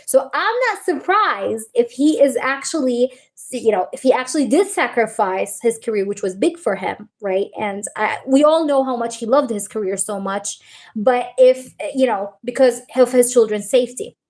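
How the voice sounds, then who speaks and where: High-pitched woman rambling on a tarot livestream, lots of um and like, gets teary. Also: moderate pace, darkish tone. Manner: rambling, emotional, full of fillers and restarts. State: teary, tearing up. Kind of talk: live-stream chat with viewers.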